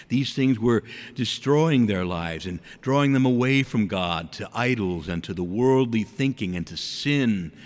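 Male preacher giving a sermon, expressive swooping delivery, asks the congregation questions, big reverberant room. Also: mid-range voice. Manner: animated, with rhetorical questions to the congregation.

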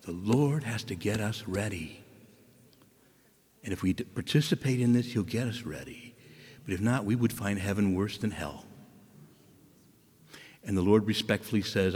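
A man preaching a sermon, animated and asking his listeners questions. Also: fairly low pitch, normal speed, pauses often, slightly rough. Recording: long reverb of a large hall.

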